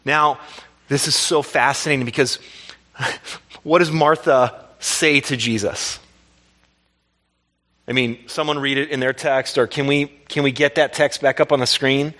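A pastor preaching a lively sermon, asking the congregation questions and laughing along. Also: male voice, medium pitch, measured pace, long pauses.

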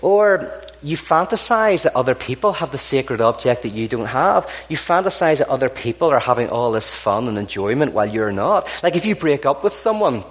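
Guy telling stories to a crowd, animated, does little voices for the people in his jokes. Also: mid-range voice, moderate pace. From Ireland. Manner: animated, acts out characters in jokes. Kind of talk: storytelling talk to an audience.

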